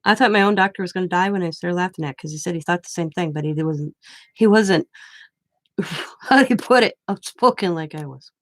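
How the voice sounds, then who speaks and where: A woman's voice: fairly low pitch, brisk, dry recording. A woman in her forties telling a personal story in a casual, chatty way, acting out the quoted dialogue. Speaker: craft vlogger.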